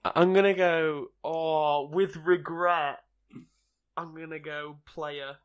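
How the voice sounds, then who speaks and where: Teasing man with a slightly high voice. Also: fairly even intonation, slow, smooth. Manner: teasing, dry humour. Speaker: podcast co-host. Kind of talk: casual podcast chat.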